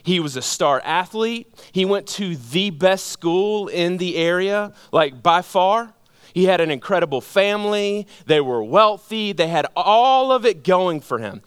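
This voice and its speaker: A man preaching a sermon, telling a story and letting his voice drop low and quiet at the heaviest moments, then building with emphatic repeated phrases. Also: animated, measured pace, smooth, no echo, clean studio sound. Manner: storytelling, drops low and quiet at emotional points. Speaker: pastor.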